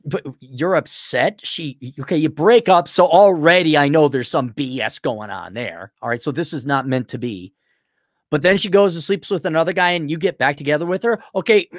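A brash man ranting blunt advice, mocking his listener. His pitch swings widely and sarcastically, and the sound is dry and close with no room echo. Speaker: advice show host. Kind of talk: blunt paid advice rant.

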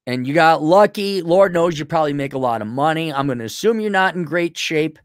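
A man's voice: fairly quick, no room sound, clean studio sound. A man hosting an advice show, giving blunt, mocking advice in a brash rant. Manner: brash and mocking, lively swoops in pitch.

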